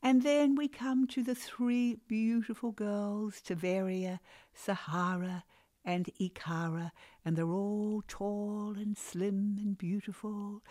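A woman hosting a casual chat, gently prompting her guest. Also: mid-range voice, no echo, studio quality. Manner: slow, gently prompting interviewer. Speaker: host.

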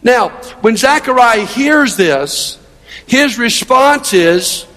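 A middle-aged male pastor with an extremely high, slightly bright voice preaches slowly and animatedly, telling stories conversationally and posing rhetorical questions. Long hall reverb trails his words.

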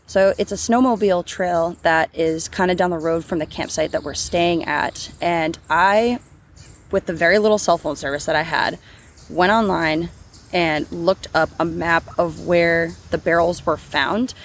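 A woman co-hosts a true crime podcast in a lowish, gravelly voice with plenty of vocal fry. She reads the case steadily from a script, then slips into loose, chatty talk full of restarts. Faint noise hums underneath her voice. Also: fairly even intonation, unhurried. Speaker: podcast co-host.

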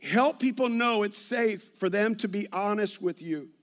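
A man's voice: sits high, unhurried, fairly bright tone. A middle-aged man, a pastor preaching a sermon full of personal stories, telling them animatedly with many restarts and asides.

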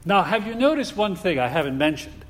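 A man preaching a sermon in a deliberate, emphatic way, asking his listeners rhetorical questions. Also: high-pitched, sing-song, fairly bright tone. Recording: long hall reverb.

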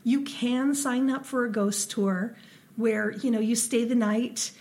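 A woman from Ohio co-hosting a casual podcast, her voice sitting a little high. She tells her stories at length, loose and full of ums. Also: steady tone, measured pace, darkish tone. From Ohio, USA. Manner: chatty storyteller with frequent ums and laughs. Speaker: podcast co-host. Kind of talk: casual chat.

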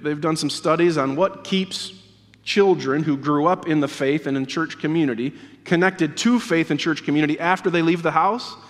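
A man's voice: high-pitched, a bit bright. A man preaching a sermon in a church as pastor, earnest and emphatic, repeating key words for weight. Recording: long reverb of a church hall.

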